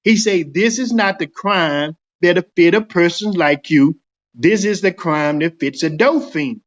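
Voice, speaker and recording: A middle-aged man recounts his own experience in a casual interview, slipping into the voices of others as he tells it. His voice sits high for a man. The recording sounds a little dull. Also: a little slow. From Dallas, Texas. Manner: animated storyteller acting out quoted dialogue. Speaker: guest telling his own story.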